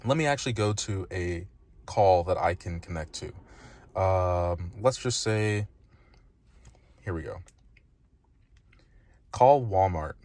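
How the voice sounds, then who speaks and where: A man's voice: deep voice, animated, slow pace, pauses often, darkish tone. A man giving a casual tech review, emphatic and frustrated, speaking bluntly.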